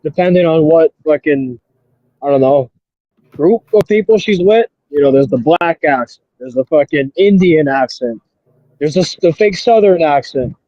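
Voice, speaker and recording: A man's voice: on the high side, lively intonation, moderate pace, dark tone, no echo, highs cut off. A man joining a livestream as a guest, blunt and profane in casual political chat.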